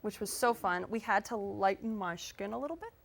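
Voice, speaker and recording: A woman's voice: medium pitch, expressive, brisk, gravelly, slight background noise. A young woman from Canada, a singer and guest on a live talk show, chatting in a bubbly way with frequent laughs and fillers.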